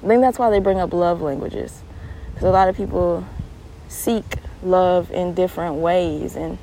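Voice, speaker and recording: A young adult woman hosting a podcast alone, telling stories with animated laughter and turning earnest when giving advice. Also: on the low side, a little slow, a little hiss or hum, poor audio. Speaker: podcast host. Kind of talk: casual solo monologue.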